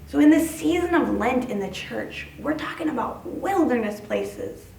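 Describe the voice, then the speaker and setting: Woman pastor, children's sermon, sing-song and animated, fairly high voice, echoey church, distant mic. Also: normal speed, vocal fry, a little hiss or hum.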